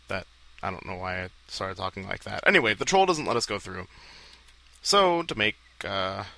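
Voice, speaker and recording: Joking, rambling let's play host. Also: male voice, low voice, gravelly, pushed and bright, low-quality recording. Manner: rambling, joking, self-deprecating asides. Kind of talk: casual gameplay commentary.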